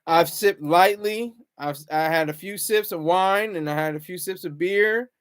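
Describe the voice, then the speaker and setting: A man's voice: sits high, a little slow, a bit bright, smooth. A man hosting a casual livestream, rambling and chatting with viewers in the comments. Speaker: livestream host.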